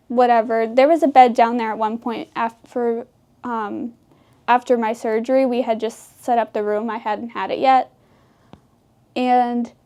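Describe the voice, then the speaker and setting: A teenage girl in an interview, telling funny stories about her brother, chatty and quick to laugh. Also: fairly high pitch, dark tone. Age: teens. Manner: giggly, chatty, quick asides. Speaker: interviewee, high school senior. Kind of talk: casual interview storytelling.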